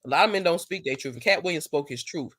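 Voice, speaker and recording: A woman hosting a casual live stream, chatting and telling stories, acting out what people said in a higher voice. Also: fast, dry recording, clean studio sound. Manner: animated storyteller who acts out quotes in a higher voice.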